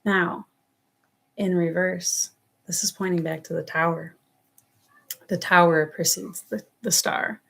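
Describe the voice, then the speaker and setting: Woman, New York accent, low-ish voice, chatty tarot reader on a livestream, affectionate and meandering. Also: steady tone, slow pace, vocal fry, long pauses, a bit bright, breathy edge. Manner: affectionate, rambling, calls viewers loves and darling. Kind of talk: casual live-stream reading. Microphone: webcam or phone on a livestream.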